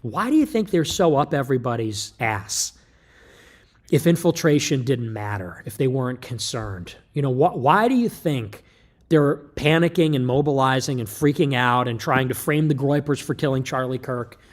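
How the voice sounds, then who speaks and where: A man's voice: medium pitch, animated, normal speed. A man delivering an emphatic, lecturing livestream monologue, loose and joking in tone. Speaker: livestream commentator.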